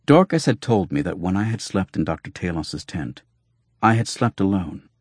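Guy narrating an audiobook, deep husky voice, measured and formal. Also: sing-song, darkish tone, dry recording, studio quality. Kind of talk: scripted narration.

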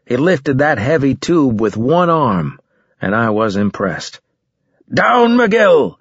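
A husky male voice tells a first-person story in a steady, measured delivery with a grim weight. The recording is dry and a touch muffled, with no room sound around him. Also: mid-range voice, no room sound. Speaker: audiobook narrator. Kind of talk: first-person scripted narration.

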